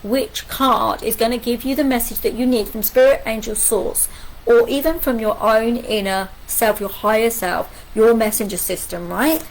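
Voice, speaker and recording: Woman, middle-aged, live card reading, slightly high voice, chatty, rhetorical questions. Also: moderate pace, slight background noise, low-quality recording. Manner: animated, repeats rhetorical questions, chatty asides. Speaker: angel card reader.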